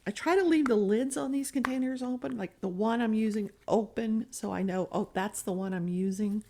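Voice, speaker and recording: A crafting vlogger talks casually as she works on a diamond painting, chatty and self-deprecating as she rambles. Her highish voice has vocal fry and a warm tone at normal speed, with a bit of background noise.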